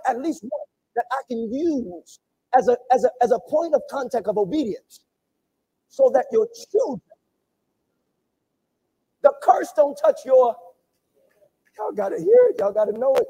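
A man preaching a sermon to his congregation, repeating phrases and swinging between loud calls and hushed asides. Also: very high voice, animated, moderate pace, long pauses, slightly rough, low-quality recording. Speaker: pastor. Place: church sanctuary.

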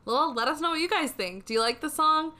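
A woman co-hosting a casual music review chat, talking excitedly with lots of "like" fillers. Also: sits high, fairly quick. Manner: excited, gushing, many "like" fillers. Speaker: co-host reviewing songs.

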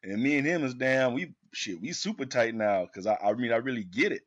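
A man telling a profane, animated story in casual podcast chat. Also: mid-range voice, fairly quick, highs cut off. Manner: profane, animated storyteller who acts out quotes.

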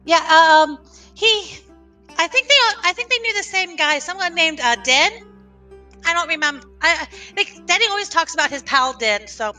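Brief: woman doing a tiny cheerful girl with a sword, childlike and rambling, soft music behind. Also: extremely high pitch, expressive, moderate pace, distant mic, exaggerated voice. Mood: chatty. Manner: chatty, stumbling, childlike.

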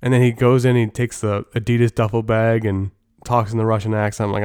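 A man's voice: fairly low pitch, little pitch movement, fairly quick, a little mellow, clean tone, no room sound, clean studio sound. A man hosting a casual movie review podcast, talking in a blunt, opinionated and joking way, with some swearing. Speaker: podcast host.

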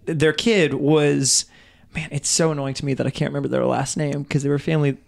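A man with a somewhat higher-than-usual speaking pitch, talking in a relaxed, easygoing way. He tells his stories casually, with small laughs along the way. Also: fairly quick, gravelly. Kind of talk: casual chat.

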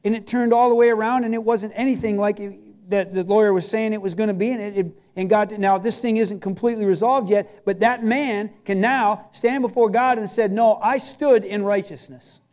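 A man's voice: high-pitched, steady tone, a little fast, few pauses, a little mellow. A man preaching a sermon as pastor, telling a personal story in a conversational, emphatic way.

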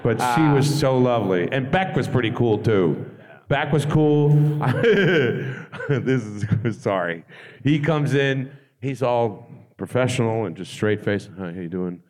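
A man on a convention panel telling funny backstage stories, excitable and laughing, with casual swearing. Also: mid-range voice, slow. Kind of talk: animated anecdote telling.

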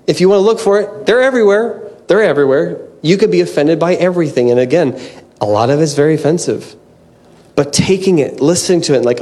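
A man's voice: fairly high pitch, fast, warm tone. A man preaching a conversational sermon in an earnest way, often restarting his sentences and dropping in "man" and "like.".

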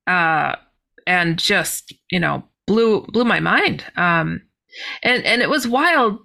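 A woman guest in an interview telling a story in an animated way, acting out the voices she quotes. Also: fairly low pitch, slow, vocal fry. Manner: animated, acts out quoted voices, many fillers. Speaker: podcast guest.

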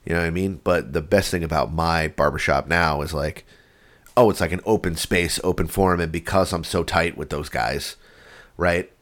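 A man co-hosting a podcast in casual chat, an animated storyteller who swears a lot and acts out what people said. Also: low-pitched, moderate pace. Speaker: podcast co-host.

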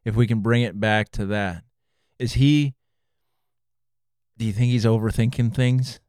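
A man's voice: lowish voice, fairly even intonation, a little slow, darkish tone, smooth, dry recording, studio quality. A man co-hosting a faith podcast, musing thoughtfully and trailing off now and then. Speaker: podcast co-host.

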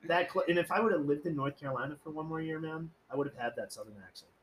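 A man's voice: on the high side, racing, poor audio. Rambling, profane podcast guy. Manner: rambling, profane, jokey storytelling with quoted voices. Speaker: podcast host. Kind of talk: casual podcast chat.

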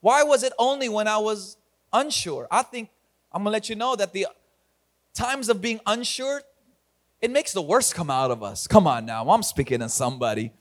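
Upbeat male pastor with a high voice, preaching to an online congregation with energy and humor. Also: normal speed. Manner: energetic, talks to online viewers, laughs at himself. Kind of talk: online church sermon.

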